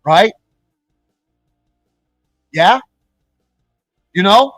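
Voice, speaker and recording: A man's voice: high-pitched, animated, drawn-out words, a bit bright, dry recording, soft background music, low-quality recording. A man ranting on his live stream, profane and rambling, who often restarts his words.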